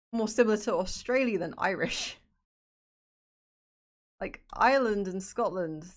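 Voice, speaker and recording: A woman chatting casually with viewers while she draws. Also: mid-range voice. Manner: chatty, answering viewers' comments. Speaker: streamer. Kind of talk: casual chat while drawing.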